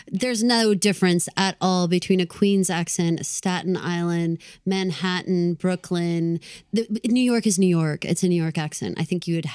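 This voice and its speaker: A woman co-hosting a podcast, talking in a relaxed, earnest way. Her voice sits a little low for a woman, and the sound is dry and close. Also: no echo. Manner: earnest and enthusiastic, conversational. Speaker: podcast co-host. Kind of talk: casual podcast chat.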